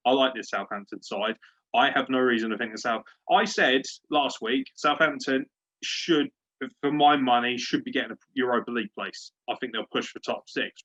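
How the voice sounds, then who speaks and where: A man's voice: medium pitch, normal speed, fairly bright tone, muffled recording. A man hosting a casual sports podcast, ranting in a fired-up, profane way. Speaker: podcast host.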